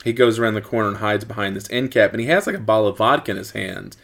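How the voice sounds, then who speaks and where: A man in casual chat, retelling a horror movie plot in a rambling, animated way. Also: on the low side, quick pace, creaky. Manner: rambling, animated storytelling with acted quotes.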